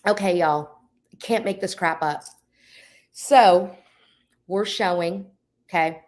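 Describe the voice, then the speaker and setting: A woman in her forties, a realtor who co-hosts a podcast, tells a story in casual, animated chat and calls out to listeners as "people." Her voice is fairly low and she speaks slowly.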